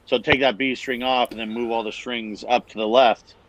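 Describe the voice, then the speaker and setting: A man's voice: mid-range voice, fairly even intonation, normal speed, fairly bright tone, low-quality recording. A man from the Bay Area co-hosting a podcast, talking casually with many fillers. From San Francisco Bay Area. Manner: rambling, hesitant, many fillers. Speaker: podcast co-host. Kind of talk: casual chat.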